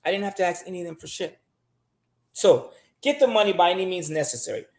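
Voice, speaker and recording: A man's voice: high voice, fast talker, a little mellow, echoey room. A man talking casually and bluntly as a show guest, swearing often and pressing his money advice with emphasis.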